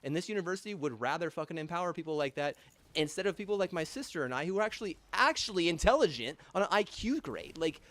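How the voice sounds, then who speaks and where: A man's voice: fairly high pitch, expressive, a bit bright. A young man in a rambling, angry rant, swearing constantly and stopping to restart his sentences. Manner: angry, heavy swearing, halting restarts and fillers.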